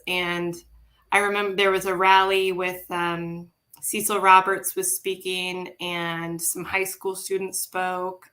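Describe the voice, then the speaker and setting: Woman folklorist with a bright, tense voice and a flat delivery, speaking reflectively on a panel. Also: on the low side. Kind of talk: roundtable discussion.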